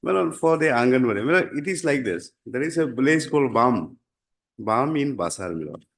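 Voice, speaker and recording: A man with an Indian English accent arguing his own case before a judge, formal and deferential, pausing often and saying "my lord" again and again. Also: medium pitch, sing-song, vocal fry. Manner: halting, deferential, repeats 'my lord' constantly. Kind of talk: formal courtroom submission.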